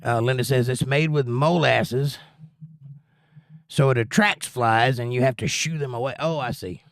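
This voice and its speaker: Man hosting a chill stream, folksy and rambling, mid-pitched, dry close mic. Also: moderate pace, gravelly, dry recording. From United States. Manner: rambling, folksy, reads chat aloud. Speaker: livestream host. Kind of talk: casual chat reading viewer comments.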